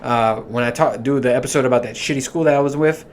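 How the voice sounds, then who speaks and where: A man's voice: medium pitch, fast talker, a little hiss or hum. A man hosting a podcast alone, rambling profanely and laughing at his own jokes. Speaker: podcast host. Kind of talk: casual solo monologue.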